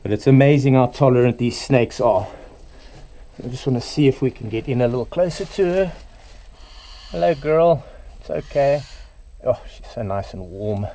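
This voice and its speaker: A middle-aged man, a reptile keeper, explaining snake care in a relaxed, casual way beside a python enclosure. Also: medium pitch, fairly quick. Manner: relaxed, talks softly to the snake.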